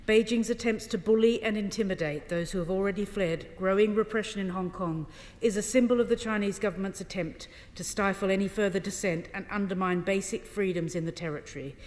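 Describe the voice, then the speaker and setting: A woman's voice: medium pitch, fairly quick, darkish tone. A woman shadow minister giving a formal parliamentary speech, pressing pointed questions. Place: large debating chamber. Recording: reverberant parliamentary chamber.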